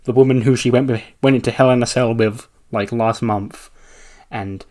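A man's voice: mid-range voice, steady tone, normal speed, a little mellow. A man casually narrating a wrestling simulation playthrough, chatty and loose, laughing and swearing as he goes.

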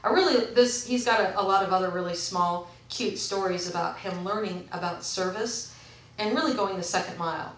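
A woman's voice: mid-range voice, normal speed, recorded from a distance. A woman vlogger talking casually and reading aloud from books, rambling and often correcting herself. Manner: rambling, with frequent self-corrections. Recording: echoey room, away from the mic.

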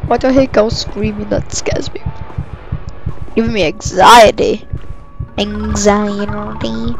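A gamer giving live let's-play commentary, excitable and given to sudden shrieks and yelps. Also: mid-range voice, measured pace, gravelly. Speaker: gamer playing a chase game. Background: game music.

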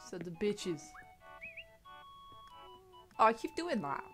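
A woman giving casual gameplay commentary, excitable, swearing and laughing as she reads game dialogue aloud. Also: mid-range voice, slow pace, soft background music. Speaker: gaming video creator.

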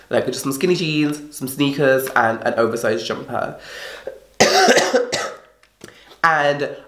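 A young woman ranting casually to camera, exasperated and swearing often, her voice rough from being ill. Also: very deep voice. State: sounding ill. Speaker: vlogger. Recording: echoey room.

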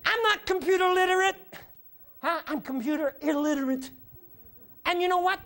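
High-pitched shouting preacher man. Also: moderate pace. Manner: animated, shouts with repeated phrases and "huh?". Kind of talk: sermon.

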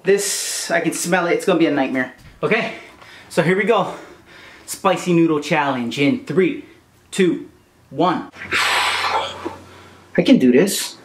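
A man's voice: on the high side, a little slow. Blunt man vlogging in an echoey room. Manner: blunt, swears freely, talks to the camera. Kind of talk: casual food challenge vlog.

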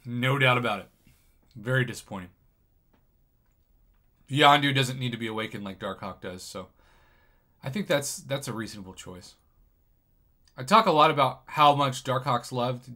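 A man commentating on someone else's game crystal openings, excitable and jokey, with sudden loud bursts of surprise. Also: mid-range voice, moderate pace, pauses often. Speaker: gaming commentator.

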